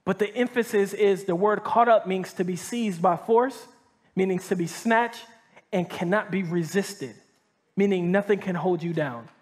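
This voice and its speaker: A man's voice: high voice, unhurried. A male pastor preaching a sermon to a live audience in a casual, slangy way, often checking in with "right?" and restarting sentences. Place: church hall before a live audience.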